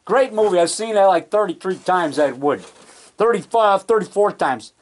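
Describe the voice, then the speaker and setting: A man's voice: sits high, animated, normal speed. A man, a filmmaker, giving a rambling, self-correcting show-and-tell of his collection in his home basement, recorded on a camcorder. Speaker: filmmaker and vlogger. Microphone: handheld camcorder mic.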